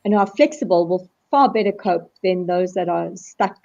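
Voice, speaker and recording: A woman speaking as a guest in a live video call discussion, animated and acting out quoted voices as she explains. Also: on the low side, moderate pace, creaky. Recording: dull lo-fi video call audio.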